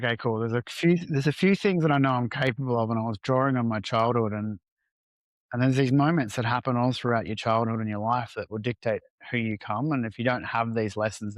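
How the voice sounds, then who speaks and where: A man's voice: medium pitch, a little fast, no room sound. A man talking as a podcast guest, telling a personal story candidly and casually, with some swearing and acted-out bits of dialogue. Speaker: entrepreneur guest.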